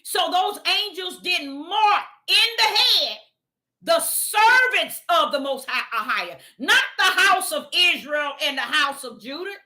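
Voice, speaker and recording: A woman preaching an informal sermon to viewers, calling them y'all and swinging between shouted emphasis and low murmurs. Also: animated, measured pace, few pauses.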